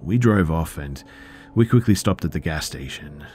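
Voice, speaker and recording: A man calmly narrating true scary stories in a low-key, subdued way. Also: normal speed, a little hiss or hum. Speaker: storyteller.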